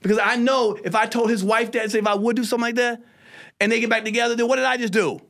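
Fast-talking profane male comedian. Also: very high voice. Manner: profane, animated storytelling with voiced quotes. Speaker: comedian guest. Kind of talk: casual storytelling on a podcast.

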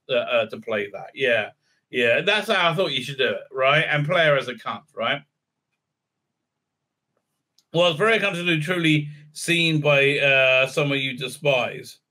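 A man's voice: mid-range voice, bright, forceful tone. A man giving a sarcastic, profane solo review rant, rambling with lots of fillers and restarts. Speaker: video reviewer.

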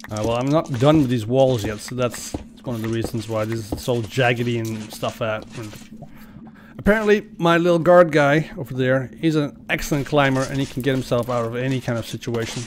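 A man's voice: mid-range voice, a little fast, a little hiss or hum. Chatty man narrating his gameplay. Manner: chatty, talks to game characters. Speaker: let's play host. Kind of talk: casual gameplay commentary.

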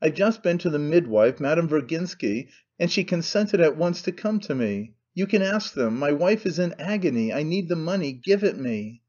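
A man's voice: a little high, lively intonation, normal speed, hardly any pauses, darkish tone, muffled recording. A man voicing a desperate young husband who makes curt, urgent demands.

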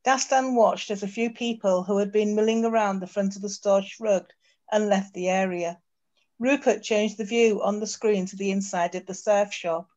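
A woman author reading her fiction aloud on a video call, with steady narration and occasional slips. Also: mid-range voice, moderate pace. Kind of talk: storybook reading. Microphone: computer mic on a video call. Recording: dull lo-fi video call audio.

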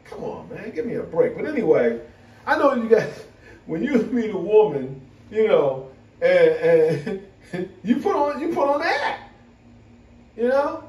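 A man chatting casually to camera as a vlogger, animated and laughing often. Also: sits high, measured pace, pauses often, dull audio. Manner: animated, laughing, full of "you know". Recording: roomy, from a distance.

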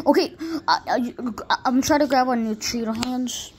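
A woman doing playful role-play commentary for a gaming video, excitable and jumping between hushed whispers and sudden yelps. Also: high voice, normal speed.

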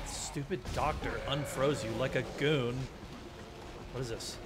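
A man's voice: mid-range voice, unhurried, over music. A young man giving casual commentary while playing a horror game, joking, swearing often and yelping at jump scares. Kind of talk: casual let's-play commentary.

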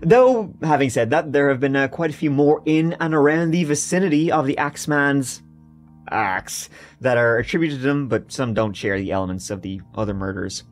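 A man's voice: mid-range voice, normal speed, faint music behind. A young adult man co-hosting a podcast, narrating a true-crime story in a jokey, casual way. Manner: jokey, animated storyteller who riffs on his own narration.

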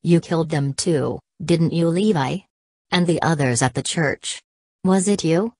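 A woman voicing a betrayed, desperate young man in an audiobook, reading in a flat, literal way. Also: low-pitched, unhurried, no echo, clean studio sound. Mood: accusing. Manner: reads punctuation marks aloud.

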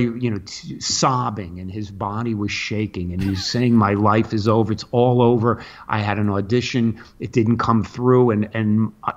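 A man's voice: mid-range voice, dull audio. A man in his sixties, a comedian telling show-business stories in a rambling, anecdotal way. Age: 60s. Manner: rambling, anecdotal, acts out others' lines. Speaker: comedian guest. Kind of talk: casual storytelling.

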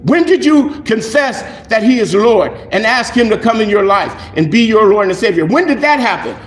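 A male pastor preaching a sermon in an animated, conversational way, acting out little dialogues. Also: high-pitched, moderate pace, roomy sound, slight background noise. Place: church.

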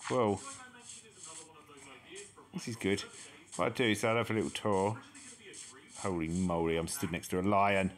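Exploring a game map, a gaming channel host chats casually and exclaims whenever he finds something new. His voice is low and fairly even in intonation, and he talks a little slowly with long pauses.

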